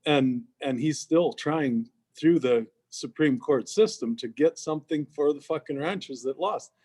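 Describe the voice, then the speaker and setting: Guy swearing nonstop, animated storytelling, voice sits a bit high. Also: a little slow, breathy edge. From Canada. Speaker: podcast co-host. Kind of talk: casual storytelling chat.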